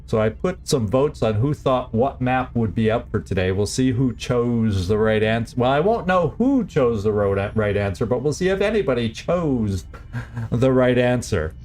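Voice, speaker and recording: A man's voice: mid-range voice, sing-song, moderate pace, a little mellow. A man streaming a strategy game and chatting casually, laughing often and poking fun at himself. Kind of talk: casual let's-play commentary.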